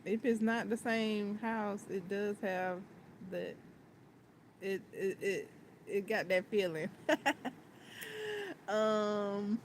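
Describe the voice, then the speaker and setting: A woman's voice: mid-range voice, a little mellow, a little hiss or hum. A woman vlogger chatting casually about a movie, giggling often and repeating her words.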